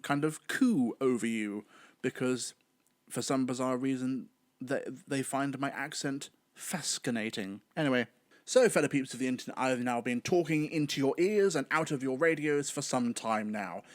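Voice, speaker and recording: Chatting alone on his podcast, a young man from Britain wanders from point to point, now and then erupting theatrically. The recording has no room sound, and his mid-range voice keeps a moderate pace.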